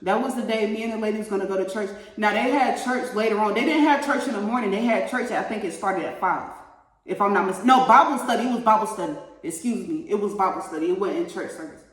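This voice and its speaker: A woman telling a story straight to her viewers in a casual, profane and animated way. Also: medium pitch, fast talker, distant mic. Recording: roomy echo, mic set back.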